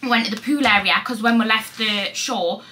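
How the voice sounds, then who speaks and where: A young woman from Newcastle with a Geordie accent, talking fast and excitedly to camera. Her voice is bright and sits a little high, and she swears freely in her casual, chatty telling. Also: a little hiss or hum. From Newcastle, England. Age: 20s. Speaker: vlogger. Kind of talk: casual chat.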